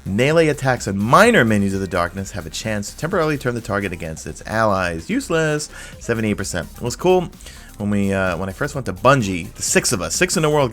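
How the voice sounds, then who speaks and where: A man's voice: lowish voice, fairly bright tone. A young man giving casual game commentary as a gaming YouTuber, rambling and self-amused, sleepy after staying up all night.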